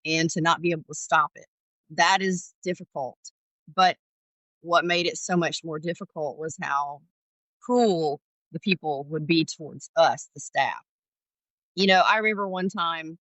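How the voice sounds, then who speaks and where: A middle-aged woman from Georgia, USA, once an ER paramedic, tells candid stories as a guest in a podcast storytelling interview, bringing the dialogue to life with animation. Her voice is low and fairly bright. The recording is dry, and the audio is poor.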